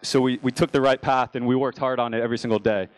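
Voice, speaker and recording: A man's voice: mid-range voice, steady tone, fast talker, no echo. Young American man, conference speaker, casual storytelling, mid-range voice, dry close sound. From United States. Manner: casual storytelling with frequent restarts. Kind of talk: business talk to an audience. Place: conference stage.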